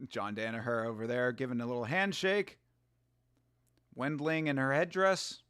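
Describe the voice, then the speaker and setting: A man chatting casually as he reacts live to a grappling event, excitable and laughing often as he talks to his viewers. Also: mid-range voice, unhurried, smooth, no room sound, studio quality.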